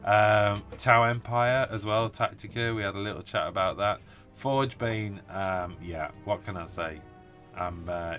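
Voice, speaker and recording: A man's voice: sits low, fairly bright tone. A British man hosting a live stream about tabletop wargaming, chatting casually and enthusiastically with many fillers while tired from little sleep.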